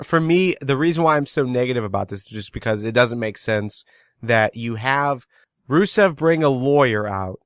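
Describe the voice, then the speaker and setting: A man's voice: on the high side, a bit bright, clean tone, no echo, clean studio sound. A man hosting a casual podcast chat, steering the talk and asking pointed questions. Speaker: podcast host.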